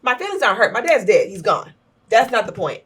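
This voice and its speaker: A woman co-hosting a podcast, telling stories in a blunt, profane, animated way. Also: mid-range voice, fairly quick, slightly rough, recorded from a distance. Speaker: podcast co-host. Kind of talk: casual chat.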